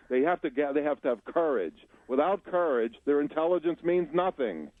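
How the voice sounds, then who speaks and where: Man, radio guest by phone, blunt, lively pitch, tinny phone line. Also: moderate pace, no room sound. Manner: blunt, declarative. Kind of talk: opinionated commentary on a radio call-in show.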